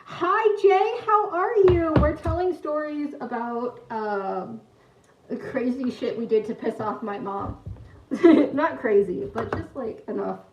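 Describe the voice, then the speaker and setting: A young woman with a high, lively voice takes her time as she livestreams, rambling and giggling through a story while greeting those in chat. Some slight background noise is present, and the distant mic in an echoey room makes the sound dull and lo-fi.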